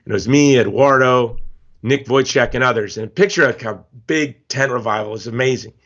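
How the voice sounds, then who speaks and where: A man from Hawaii, a guest in a casual interview, talking in an emphatic, animated storytelling way. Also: medium pitch, brisk. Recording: slightly dull lo-fi audio.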